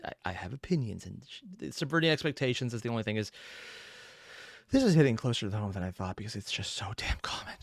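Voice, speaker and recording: A man's voice: on the low side, sing-song, fast, vocal fry, no echo. A man giving casual reaction commentary, rambling and opinionated with self-deprecating asides. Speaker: reaction streamer.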